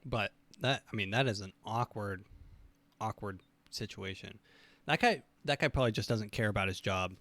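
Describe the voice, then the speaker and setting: A young man co-hosting a podcast, telling stories in a casual, animated way and laughing often. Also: on the low side, normal speed, no echo. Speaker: podcast co-host. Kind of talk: casual storytelling chat.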